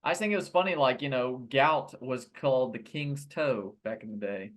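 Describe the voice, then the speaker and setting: A man's voice: medium pitch, normal speed. A man co-hosting a podcast, talking in a laid-back, teasing way and laughing often during casual chat. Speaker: podcast co-host.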